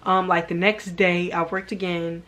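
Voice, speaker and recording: A young woman vlogger tells a personal story to the camera, rambling casually and leaning heavily on "like." Her lowish, fairly bright voice stays flat in pitch and a little slow, sounding earnest and subdued.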